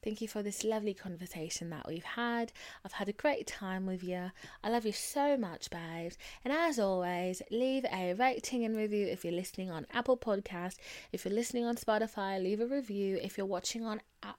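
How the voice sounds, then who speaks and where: A woman's voice: mid-range voice, unhurried. A young woman hosting her own podcast alone, talking frankly and casually, full of "like" fillers and the odd swear word, signing off with pet names for her listeners. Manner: affectionate sign-off, calls listeners babes and honey. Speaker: podcast host. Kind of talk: casual solo podcast talk.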